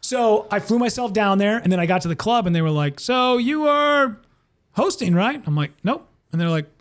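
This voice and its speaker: High-voiced man telling animated stories. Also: brisk. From Minnesota. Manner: animated, acts out other people's lines in quoted voices. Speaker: comedian and former radio host, interview guest. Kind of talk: casual storytelling in a podcast interview.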